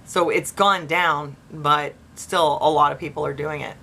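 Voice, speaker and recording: Low-pitched woman vlogger reading news out loud, sarcastic side comments, mocks the quotes. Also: steady tone, measured pace, slight background noise. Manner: sarcastic, skeptical asides; reads quotes in mocking voices.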